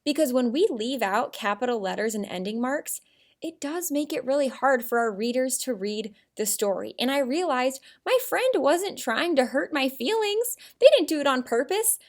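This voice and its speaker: Woman teacher, high voice, lively and expressive lesson for little kids. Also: normal speed. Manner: animated, expressive, speaking to young children. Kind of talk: children's writing lesson.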